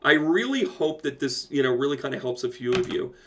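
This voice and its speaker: A man's voice: medium pitch, animated, brisk, a bit bright, slight background noise. A man hosting a casual livestream Q&A as a medium, reading out viewer comments and answering them with playful asides. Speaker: medium answering live chat questions.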